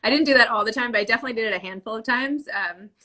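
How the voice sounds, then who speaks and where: A woman's voice: on the high side, racing, pushed and bright. A woman in her forties hosting an interview from her desk over a video call, chatty and effusive, laughing often. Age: 40s. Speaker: podcast host. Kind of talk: casual interview chat. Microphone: home desk setup on a video call.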